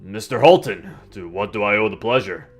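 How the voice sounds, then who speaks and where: A man's voice: fairly low pitch, moderate pace, faint music behind, lightly acted. Brief: man reading a smug male lab scientist, haughty and dismissive. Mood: arrogant. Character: arrogant, neat male scientist, condescending.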